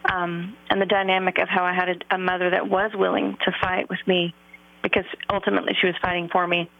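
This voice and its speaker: A woman's voice: lowish voice, flat delivery, quick pace, vocal fry. A woman guest telling her own story in an earnest, reflective way, speaking about faith with many fillers. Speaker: podcast guest, author and singer. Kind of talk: heartfelt personal storytelling in an interview. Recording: phone-like narrow line.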